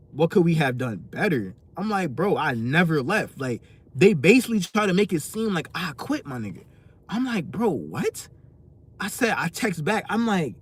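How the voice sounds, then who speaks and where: Young man, storytime vlogger, animated slangy delivery, slightly high voice. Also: breathy edge. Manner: animated, slangy, pitch jumps when exasperated. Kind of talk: casual storytelling.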